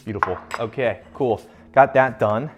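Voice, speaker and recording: A man's voice: mid-range voice, normal speed, highs cut off, music in the background. A young man hosting a casual cooking vlog from his home kitchen, rambling and cracking self-mocking jokes as he works. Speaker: home cook vlogger.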